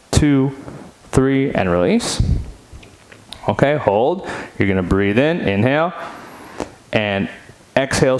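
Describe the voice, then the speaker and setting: A fitness instructor leads a guided seated stretching workout from a home studio, upbeat and chatty as he counts reps aloud. His voice is medium-pitched with a darkish tone, on a low-quality recording.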